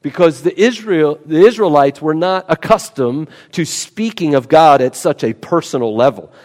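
A man's voice: on the high side, lively intonation, moderate pace, darkish tone. A man preaching an expository sermon, emphatic and teaching, often repeating key words for weight. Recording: long hall reverb.

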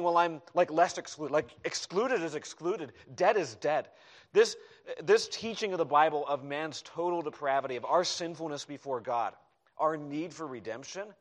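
A man preaching a sermon as pastor, emphatic, dropping into quiet asides to the congregation. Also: medium pitch. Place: church hall.

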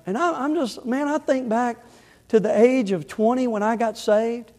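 A middle-aged male pastor preaching a sermon in church, impassioned, rising loud and falling soft. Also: very high-pitched, normal speed, in a large hall. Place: church sanctuary.

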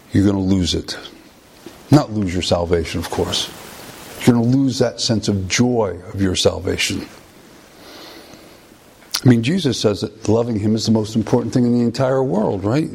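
A man preaching a conversational sermon, often pausing and restarting phrases. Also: medium pitch, creaky, darkish tone, a little hiss or hum.

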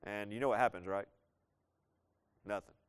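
Smooth-voiced male preacher teaching scripture. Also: fairly low pitch, fairly even intonation. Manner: conversational, playful asides, reads scripture slowly. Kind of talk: sermon, Bible teaching.

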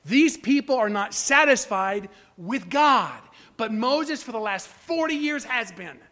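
Man, pastor, sermon, high voice, reads scripture then builds emphasis, rhetorical questions. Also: lively intonation, a little slow, sharp tone.

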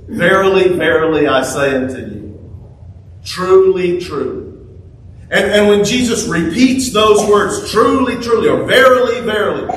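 Slow, high-voiced male preacher in echoey sanctuary. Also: a bit bright. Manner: slow, deliberate preaching with emphatic repetition. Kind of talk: sermon. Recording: echoey room, speaker far from mic, faint noise.

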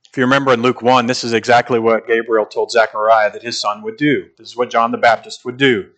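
Bright, forceful male preacher. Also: medium pitch, little pitch movement. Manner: emphatic, slows down to stress key phrases. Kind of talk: expository sermon.

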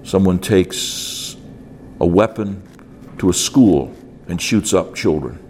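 A man's voice: low-pitched, slow pace, a little mellow, slight background noise. A man preaching a conference sermon, emphatic and repeating key phrases. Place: conference hall.

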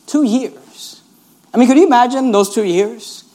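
A man's voice: very high voice, measured pace, dark tone. A man preaching a sermon in an earnest, emphatic way, urging listeners again and again to notice each point.

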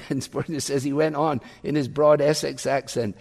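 A man preaching a sermon, telling a story earnestly and closing in quiet prayer. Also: fairly high pitch, moderate pace, in a large hall. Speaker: pastor.

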